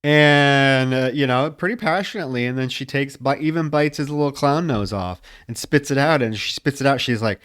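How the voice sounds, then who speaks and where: A man's voice: medium pitch, moderate pace, hardly any pauses, a bit bright, smooth, no room sound. Man retelling a movie scene, dry sound. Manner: retells scenes with acted-out quotes from the characters. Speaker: podcast co-host. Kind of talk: casual film review chat.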